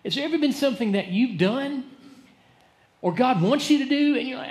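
A male pastor preaches with drama, rising to loud emphasis and dropping to hushed words. His voice sits a bit high for a man. The sound rings around a roomy church sanctuary. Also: lively intonation, fast. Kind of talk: sermon.

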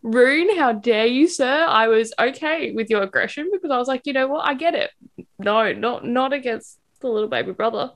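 A woman with a fairly high voice co-hosts a casual book podcast. She tells the plot in an animated way, slipping into the characters' lines as she goes. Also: moderate pace. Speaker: podcast co-host. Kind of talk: casual chat recapping a book.

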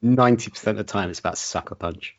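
Teasing low-voiced man. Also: fast talker. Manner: teasing, dry, laughs often. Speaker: podcast co-host. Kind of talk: casual chat. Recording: dull lo-fi sound.

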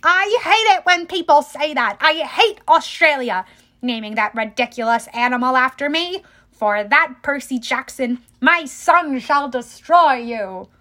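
A woman's voice: sits high, animated, unhurried, heavily acted. A woman voicing a proud, vengeful female snake monster, the mother of monsters, in a storybook reading. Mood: enraged. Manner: proud, scornful, rising to raging shouts.

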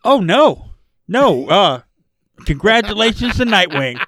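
A man rants and jokes his way through a podcast chat, swearing freely. His voice sits a little high and sounds close to the mic with no room around it. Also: big pitch swings, measured pace, a bit bright, dry recording. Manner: ranting, jokey, profane. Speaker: podcast co-host. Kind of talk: casual chat.

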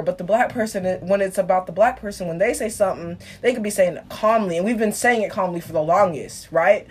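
A young woman speaks in a casual family discussion, her delivery animated and quick as she builds her points. She often slips into mimicking others, and her voice sits at an ordinary middle pitch. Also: slight background noise. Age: teens. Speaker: guest.

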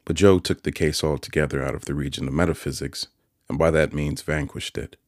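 Very deep-voiced male audiobook narrator. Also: fairly even intonation, a little fast, no room sound, studio quality. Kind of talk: scripted narration of a classic novel.

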